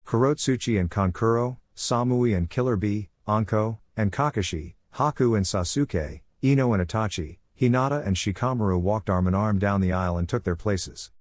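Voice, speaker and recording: Guy reading fan fiction, lowish voice, dry close sound, even pace. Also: moderate pace, few pauses, no room sound. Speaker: narrator.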